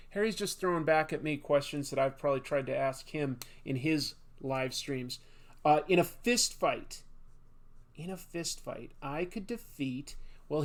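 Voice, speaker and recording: A man hosting a casual live stream, chatting with viewers and laughing at himself a lot. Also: fairly high pitch. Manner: chatty, self-deprecating, laughs often.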